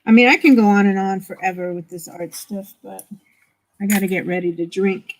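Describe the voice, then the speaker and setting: A woman's voice: mid-range voice, a little fast, slight background noise, poor audio. Chatty woman streaming art. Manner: chatty and laughing easily. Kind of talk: casual livestream chat.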